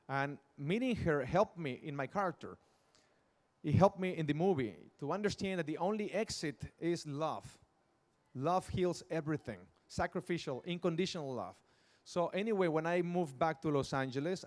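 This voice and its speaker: Earnest Mexican-accented man telling a story. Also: a little high. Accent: Mexican Spanish. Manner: earnest storytelling, acting out dialogue. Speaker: speaker. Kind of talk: personal testimony speech. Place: large outdoor event stage.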